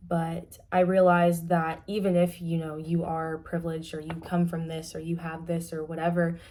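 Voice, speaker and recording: A young adult woman gives a casual, candid class presentation as a student, talking frankly with lots of fillers and often trailing off softly. Her pitch is fairly low.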